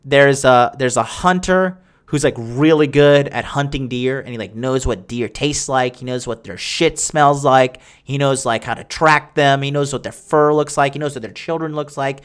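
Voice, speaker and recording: A young podcast host answers listener questions with a smooth, medium-pitched voice at a moderate pace. He rambles casually, crude and boastful, constantly restarting and filling gaps.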